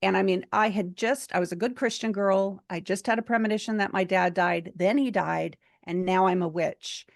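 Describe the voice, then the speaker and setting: A woman's voice: medium pitch, steady tone, moderate pace, creaky, hardly any pauses, no room sound, clean studio sound. A woman giving a seminar talk, earnestly telling a personal story in a chatty way with many fillers. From United States. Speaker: seminar speaker.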